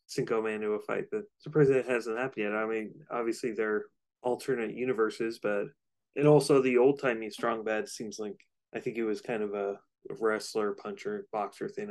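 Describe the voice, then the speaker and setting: Low-voiced man casually co-hosting. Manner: relaxed, rambling with fillers. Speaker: podcast co-host. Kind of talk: casual chat.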